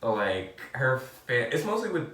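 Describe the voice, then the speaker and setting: A man's voice: medium pitch, a little slow. A young man with a New York accent, chatting casually as a podcast co-host and rambling with lots of filler words. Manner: rambling, heavy "like" filler, animated bursts. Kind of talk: casual chat. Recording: roomy and distant from the mic.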